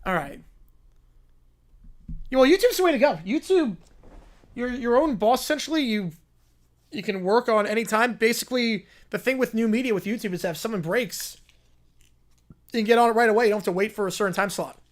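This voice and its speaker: A man's voice: very high voice, lively intonation, a little fast, long pauses. A man hosting a casual livestream who chats loosely with viewers and often repeats his own phrases. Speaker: livestream host.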